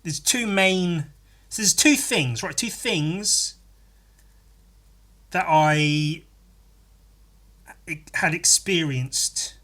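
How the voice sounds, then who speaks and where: A man's voice: fairly high pitch, extremely slow, pauses often, bright, forceful tone. A man hosting a podcast, rambling through a crude, mock-earnest comedy monologue with giggly asides. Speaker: podcast host.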